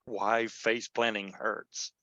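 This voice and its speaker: A wisecracking man from Utah on a podcast panel, trading quick jokes. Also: fairly low pitch, level tone, pushed and bright, dry recording, highs cut off. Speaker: panel member.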